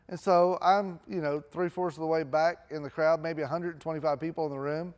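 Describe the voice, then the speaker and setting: Self-mocking middle-aged pastor, higher voice. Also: male voice, steady tone, normal speed, darkish tone, clear, resonant tone. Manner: self-deprecating, conversational, acts out dialogue. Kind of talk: storytelling sermon. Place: church auditorium.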